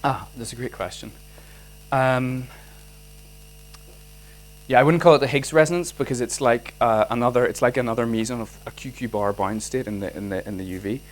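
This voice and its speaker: A man with a Northern Irish accent giving a physics lecture and answering student questions, animated, restarting his sentences often with many fillers. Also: mid-range voice, moderate pace, long pauses, poor audio. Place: lecture hall.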